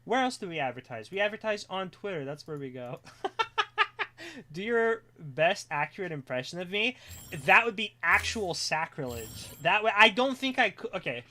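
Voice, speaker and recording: A streamer chatting casually on a live stream, excitable and rambling, drifting into quiet mumbling while setting things up. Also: medium pitch, normal speed.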